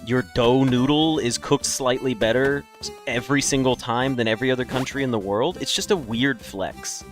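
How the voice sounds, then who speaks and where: A man's voice: mid-range voice, moderate pace, soft background music. A man giving casual, rambling let's-play commentary with profane, laughing asides. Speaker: gaming video creator.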